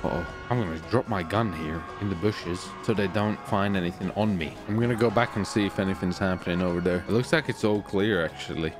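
A man giving excited, chatty commentary on his own gameplay as a streamer, giggling and narrating each move. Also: low-pitched, brisk, hardly any pauses, over music. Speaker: streamer playing a roleplay game.

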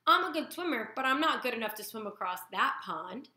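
A squeaky young gosling bursts out, proud and eager, his high voice leaping around in an echoey room, as a woman puts him on. He sounds thrilled with everything he tries. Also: lively intonation, a little fast, pushed and bright. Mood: curious. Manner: squeaky, gleeful.

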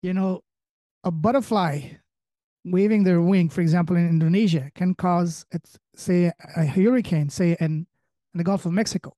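A man hosting a podcast conversation, speaking in a halting, motivational way as he searches for words. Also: high voice, dark tone, no room sound. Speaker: podcast host.

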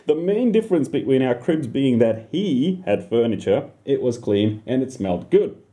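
A man's voice: mid-range voice, big pitch swings, moderate pace, warm tone. A man telling an absurd comic story about himself in the first person, rambling, swearing and talking back to his listeners.

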